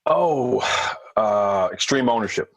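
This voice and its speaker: A man being interviewed as a former hostage negotiator, explaining in a measured way with thinking fillers. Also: fairly low pitch, huge pitch swings, vocal fry, dry recording, poor audio. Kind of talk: podcast interview.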